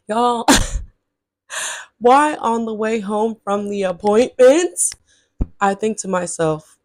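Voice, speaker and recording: A woman vlogger telling a story straight to her viewers, chatty and blunt, swearing freely and jumping into high exasperated outbursts. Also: no room sound, studio quality. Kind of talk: casual storytelling to camera.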